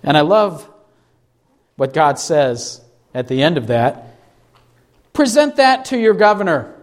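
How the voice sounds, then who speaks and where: Guy preaching a sermon, kinda high voice, asks lots of questions, slows way down on bible verses. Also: very animated. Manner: preaching with rhetorical questions and dramatic pauses; slows down for emphasis on scripture. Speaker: pastor. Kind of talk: expository sermon.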